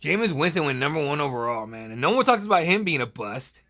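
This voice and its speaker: A man in his thirties hosts a live draft-night stream from his home setup, talking into a desk mic. His voice sits a little higher than most men's. He banters with the chat in a loose, profane, joking way. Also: expressive, fast, sharp tone. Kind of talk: casual live-stream commentary.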